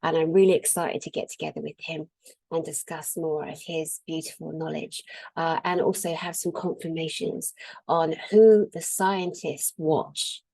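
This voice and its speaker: A woman hosting and announcing a conference to her viewers in an earnest, excitable monologue full of fillers. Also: low-pitched, a little slow, dry recording, rough recording.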